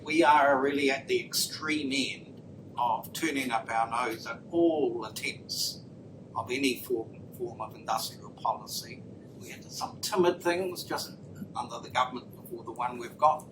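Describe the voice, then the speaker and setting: A man's voice: mid-range voice, expressive, a little slow. Distant New man asking questions. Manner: discursive, builds a long question. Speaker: audience member asking a question. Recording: distant audience mic with background noise.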